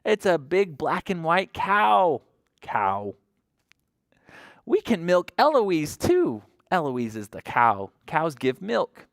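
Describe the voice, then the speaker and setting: A woman's voice: lowish voice, sing-song, slow, no echo, studio quality. A woman librarian reading a picture book at toddler story time in a sing-song, coaxing voice, often asking the children questions.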